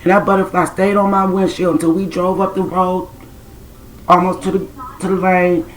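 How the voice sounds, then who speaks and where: The audio is poor, and her voice, on the low side, comes out flat at a moderate pace. Speaking directly to her audience, this self-proclaimed spiritual intuitive shares a personal spiritual story casually and bluntly, streetwise and occasionally profane.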